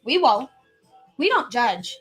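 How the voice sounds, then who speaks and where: High-voiced chatty woman podcast host. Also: sing-song, slow, a bit bright, slightly rough, soft background music. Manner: chatty, laughs often, playful. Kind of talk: casual chat.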